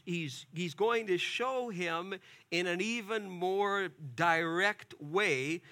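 A male preacher with a high, bright voice tells a scripture story like a storyteller, lively and conversational. He drops little asides and rhetorical questions as he goes, never stiff. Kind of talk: expository sermon.

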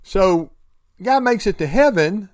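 A man's voice: high voice, animated, a little slow, no echo, studio quality. A man giving an earnest motivational talk about prayer and recovery, often repeating words and restarting sentences. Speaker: speaker sharing faith and recovery.

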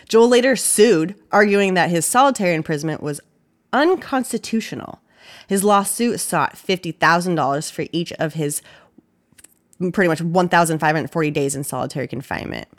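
Blunt, swearing woman podcast host. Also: low voice. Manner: blunt, swears freely, laughs between facts. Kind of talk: casual true-crime podcast chat.

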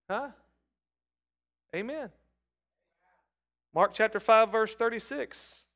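A middle-aged man preaching a sermon, calling on the congregation and rising from soft talk to loud shouts. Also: extremely high pitch, animated, slow pace, pauses often. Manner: calls on the congregation to respond. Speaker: pastor.

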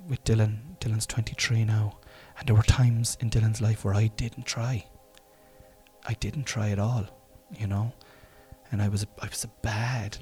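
Mellow-voiced Irish man telling stories. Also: lowish voice. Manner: swearing, laughing, self-deprecating. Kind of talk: casual storytelling monologue.

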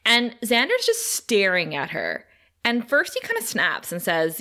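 A woman co-hosting a podcast, recapping an episode in animated casual chat, laughing often and swearing. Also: medium pitch, unhurried. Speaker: podcast co-host.

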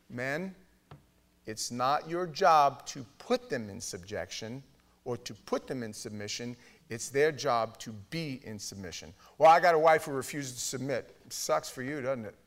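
A middle-aged man preaching a sermon in a Bible study, blunt and emphatic, with his voice swinging from loud to hushed. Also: a little high. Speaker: pastor teaching a Bible study.

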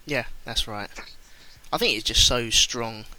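English man, podcast host, casual and self-deprecating, bright tone. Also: mid-range voice, measured pace, low-quality recording. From England.

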